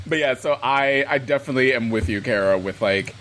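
A young man co-hosting a podcast, chatting casually and telling stories in a chatty, animated way. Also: mid-range voice, brisk, few pauses, noisy background. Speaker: podcast co-host. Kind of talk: casual chat.

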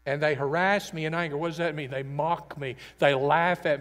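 A male pastor preaches with earnest emphasis, his somewhat high voice rising to loud declarations and dropping to near-confiding quiet. The sound trails off in the long reverb of a large hall. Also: fairly even intonation, moderate pace, hardly any pauses. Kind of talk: sermon.

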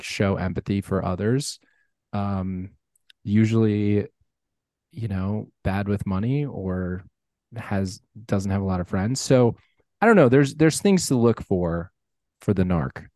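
A man co-hosting a podcast in casual chat, chatty with lots of fillers and excitable bursts. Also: on the low side, measured pace, no room sound, studio quality. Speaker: podcast co-host.

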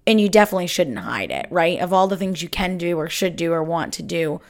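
Chatty woman podcaster with vocal fry. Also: fairly low pitch, a little fast. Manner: chatty, animated, lots of fillers. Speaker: podcast host. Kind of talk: casual solo podcast storytelling.

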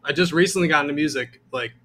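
Laid-back musician guy, bright tense voice. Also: on the high side, fast, a little hiss or hum. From Chicago suburbs. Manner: hesitant, laid-back, many fillers. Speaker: musician guest. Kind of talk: casual interview chat.

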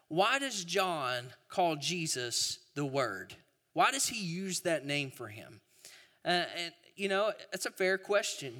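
Conversational pastor in a reverberant hall. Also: male voice, on the high side, bright, forceful tone. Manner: storytelling, conversational, with repeated restarts. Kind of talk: sermon.

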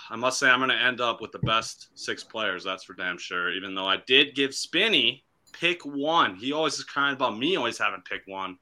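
A man's voice: mid-range voice, lively intonation, normal speed, bright, forceful tone. A man hosting a casual sports podcast, hyped and teasing as he runs a mock draft. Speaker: podcast host.

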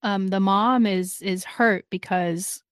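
A woman's voice: mid-range voice, steady tone, slow, smooth, no room sound. A woman co-hosting a casual chat, recapping a drama and acting out the characters' lines. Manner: chatty, laughs often, acts out characters' lines. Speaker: podcast co-host recapping a drama.

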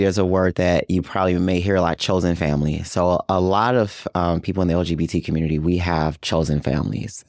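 A man's voice: low voice, a little mellow, no echo, clean studio sound. A man being interviewed as a community outreach worker, speaking earnestly in casual talk with many "you know" fillers. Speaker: guest, HIV outreach worker.

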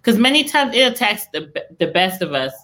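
A woman's voice: medium pitch, very animated, brisk, fairly bright tone. A young woman hosting a podcast, chatting eagerly about faith and business with lots of restarts. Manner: enthusiastic, faith-filled, rambling with restarts. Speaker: podcast host. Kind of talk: casual live-stream chat.

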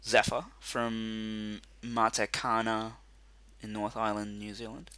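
A man co-hosting a casual chat, rambling and animated with lots of fillers. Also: lowish voice, slow pace, smooth, dry recording. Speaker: podcast co-host.

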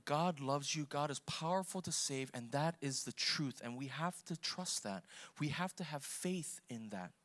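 A man's voice: mid-range voice, fairly bright tone. A man preaching a sermon, emphatic and rising for emphasis.

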